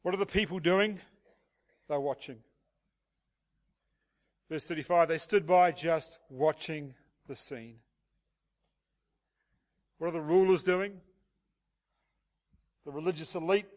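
Male pastor, higher register, walks the congregation through the text. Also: slow pace, pauses often. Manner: expository preaching with rhetorical questions. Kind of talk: sermon.

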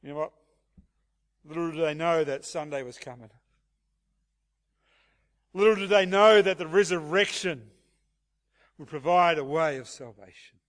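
A man's voice: on the high side, unhurried, long pauses, a bit bright. A man preaching an expository sermon and asking the congregation rhetorical questions. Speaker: pastor.

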